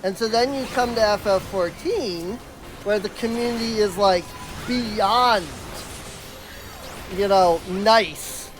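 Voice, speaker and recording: Over background music, this game streamer speaks slowly in a mid-range voice. The talk is casual live-stream chatter, with exasperated anecdotes that keep restarting and lean heavily on "like."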